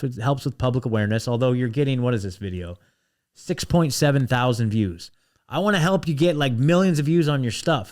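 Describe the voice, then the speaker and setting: American male host, mid-range voice, blunt, restless ranting commentary. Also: medium pitch. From United States. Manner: blunt, restless, full of restarts and asides.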